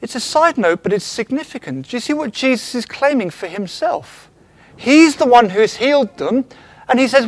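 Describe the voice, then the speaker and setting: A man preaches in a high voice that swings up and down with real animation. He acts out little quoted lines and keeps putting questions to his congregation. The sound is dry and close. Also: expressive, normal speed, dry recording. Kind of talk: sermon. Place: church.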